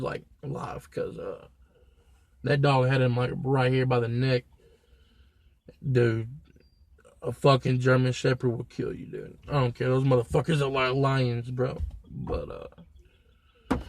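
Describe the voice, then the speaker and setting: A man's voice: mid-range voice, vocal fry, a little mellow, slight background noise. A young man telling a story to his viewers in a blunt, profane, slang-heavy way. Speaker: vlogger. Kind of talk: casual storytelling to camera.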